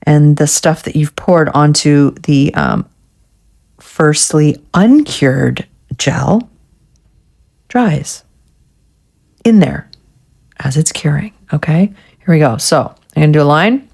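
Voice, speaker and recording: A woman's voice: sits low, expressive, takes it slowly, creaky, pauses often, a little mellow. A woman vlogger chatting casually through a nail art tutorial, getting frustrated and swearing at herself.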